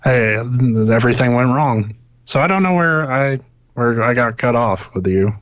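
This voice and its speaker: This man co-hosts a gaming podcast via internet call, chatting casually and rambling, cursing often and restarting his sentences. He has an unhurried, mid-range voice. The recording is dry and muffled.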